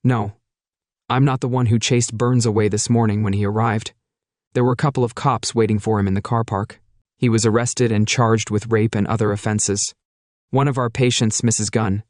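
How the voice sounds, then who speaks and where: A wife talking to her husband, read by a guy in his own low voice, earnest, dry sound. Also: steady tone, normal speed, a little mellow, no room sound, close to an everyday voice.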